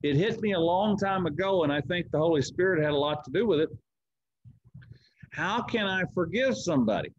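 Male Bible study teacher, higher voice, dull lo-fi church stream, explains scripture with questions. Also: expressive, brisk, husky, no room sound. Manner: reads scripture aloud, then explains it with repeated words and rhetorical questions.

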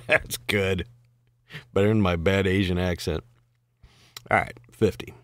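A man's voice: low-pitched, fairly even intonation, slow pace, long pauses, no room sound, studio quality. A man reading bawdy limericks aloud, chuckling and adding amused asides, swooping into mock voices for the quoted lines. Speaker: reader.

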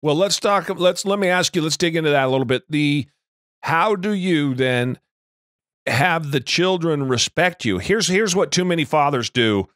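A man hosting a podcast, asking a long question in a measured way and otherwise giving short replies. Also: on the high side, expressive, a bit bright, no echo, studio quality. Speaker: podcast host. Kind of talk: interviewing.

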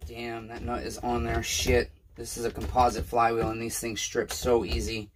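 A man's voice: medium pitch, completely flat delivery, normal speed, noisy background. A tired, frustrated man working as a small-engine repairman who mutters and swears while he works in a casual workshop vlog. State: tired and overwhelmed.

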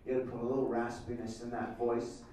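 A male comedian doing improvised crowd work, teasing audience members in a playful, quick banter. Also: medium pitch, monotone, slight background noise. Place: event hall with a laughing audience. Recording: roomy, distant mic with loud crowd laughter.

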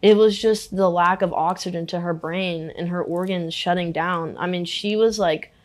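A young adult woman in a candid interview, talking in a halting, emotional way and using "like" a lot. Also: on the low side, fairly even intonation. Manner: halting and emotional, many filler "like"s.

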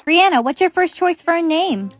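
High-voiced woman with deadpan skit lines. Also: normal speed, soft background music. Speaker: skit partner playing several parts. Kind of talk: acted comedy skit dialogue.

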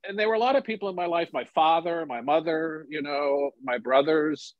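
A man in his sixties, a journalist and author, telling stories and reflecting in a relaxed interview conversation. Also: fairly high pitch, moderate pace, no echo. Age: 60s. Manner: storytelling, animated, relaxed and reflective. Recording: dull lo-fi sound, dry.

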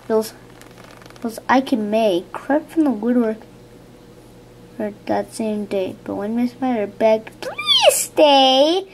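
A woman reading a children's picture book aloud, halting now and then to point at the pictures. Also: a little high, fairly even intonation, background noise.

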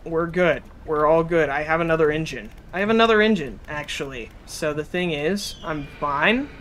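Bright-voiced man with a cold doing excitable, profane game commentary to chat. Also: on the high side, moderate pace, few pauses, slight background noise. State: has a cold. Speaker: streamer. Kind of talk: casual gameplay commentary.

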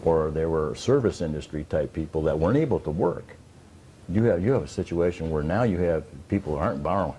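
A man's voice: very deep voice, expressive, brisk, dark tone, slight background noise. An older man with a Midwestern American accent, a credit union president talking loosely in an interview, full of restarts and dry jokes. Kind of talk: casual interview talk.

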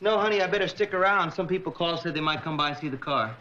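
A man's voice: a little high, quick pace, pushed and bright. A man in his thirties playing a wisecracking, flustered radio disc jockey in a 1960s sitcom. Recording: lo-fi 1960s TV audio, hiss.

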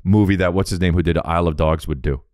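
A man co-hosting a podcast, bantering casually with his brother, animated, laughing often and swearing freely. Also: low voice, fast, dry recording, clean studio sound. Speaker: podcast co-host.

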